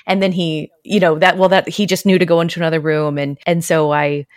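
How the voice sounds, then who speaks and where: A woman's voice: lowish voice, level tone, a little fast, dry recording, studio quality. A middle-aged woman hosting a podcast, chatting conversationally, asking questions and sharing stories about her own kids. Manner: conversational, asks questions, shares family anecdotes.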